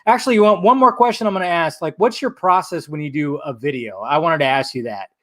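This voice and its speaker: A man hosting a casual film chat over a call, excited, swearing freely and acting out movie lines. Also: fairly high pitch, fast talker, no room sound, studio quality. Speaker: podcast host.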